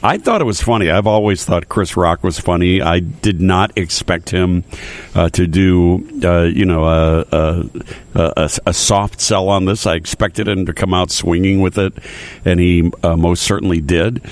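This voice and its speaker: Male radio host, very low voice, stop-start casual talk. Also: steady tone, normal speed, dry recording. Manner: hesitant, many uh fillers and restarts.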